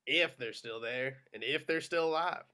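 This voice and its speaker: A man voicing a blunt American army lieutenant with terse, flat replies. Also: mid-range voice, moderate pace, natural voice. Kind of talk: amateur script reading.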